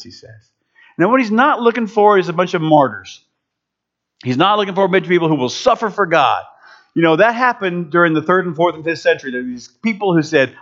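Male pastor, sermon, animated delivery with wide pitch swings, slightly high voice, dull lo-fi sound. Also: brisk. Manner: animated, jumps into high excited voices for quoted people.

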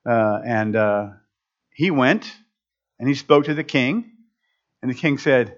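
Speaking slowly and pausing often, a medium-pitched man preaches a casual, funny sermon. He's animated and keeps cutting himself off to restart phrases, all captured in a dull lo-fi recording.

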